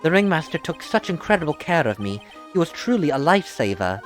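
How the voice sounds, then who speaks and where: A woman playing a gentle young male circus acrobat from a video game. The voice is pushed low and stays earnest and mild. Faint game music hums under it. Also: sing-song, brisk.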